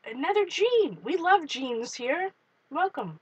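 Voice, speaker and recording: Greeting viewers by name while she works, an art journaling livestream host keeps up a relaxed chat. She speaks unhurriedly in a slightly high, fairly bright voice, with no room sound but poor audio overall.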